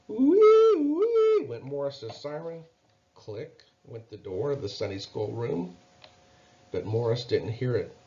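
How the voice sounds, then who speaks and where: A man reads a children's Bible story in a gentle, expressive way, pausing to ask the listener questions. His pace is slow and unhurried. The recording is dull and lo-fi. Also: medium pitch.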